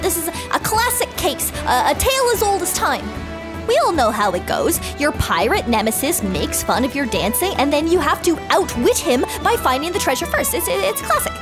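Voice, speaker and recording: A woman narrating a playful game story, excitable and chatty, with gasps and asides, over background music. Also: high voice.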